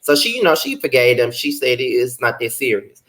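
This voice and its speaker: A young man casually recapping a reality TV episode in a blunt, profane, animated vlog. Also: brisk. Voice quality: blunt, profane, sassy commentary. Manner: animated, rants with big pitch jumps. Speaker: YouTube reality TV reviewer.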